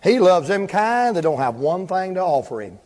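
A man preaching a revival sermon, swinging between shouts and hushed words. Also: sits high, very animated, moderate pace. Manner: fervent, shouts and drops to a hush. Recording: echoey hall reverb.

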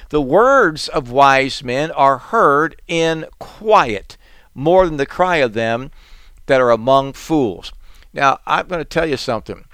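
A man's voice: on the high side, fairly bright tone, smooth, no room sound. A man preaching a sermon in an earnest, conversational way, with bursts of emphasis.

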